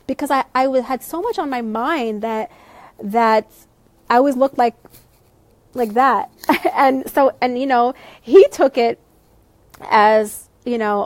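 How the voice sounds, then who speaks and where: A woman's voice: a little high, normal speed, dry recording. Reflective woman coach, dry sound. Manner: conversational, reflective, many "you know" fillers; gently reassuring, speaks to viewers directly. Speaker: life coach. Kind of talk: live-stream advice talk to viewers.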